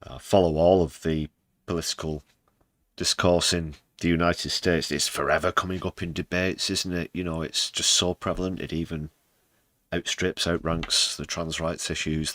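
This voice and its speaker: A man's voice: extremely low pitch, a bit bright, no echo. A British man hosting a live news stream, dry and sarcastic, sometimes putting on mock emotion. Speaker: livestream news host. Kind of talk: casual live news commentary.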